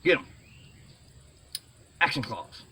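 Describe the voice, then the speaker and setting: A middle-aged man rambling excitedly in a casual vlog, full of fillers and restarts, saying he is sweating. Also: takes it slowly, a little hiss or hum. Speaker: vlogger.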